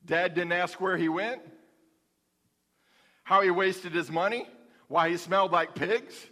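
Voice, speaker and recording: Male pastor, folksy humorous sermon, high pitch, echoing sanctuary. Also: steady tone, unhurried, sharp tone. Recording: long hall reverb.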